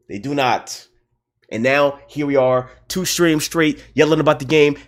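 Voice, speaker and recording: A man's voice: fairly high pitch, unhurried. A man hosting a livestream, ranting about a video game in a heated, repetitive way and swearing often. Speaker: livestream host. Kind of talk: casual livestream rant.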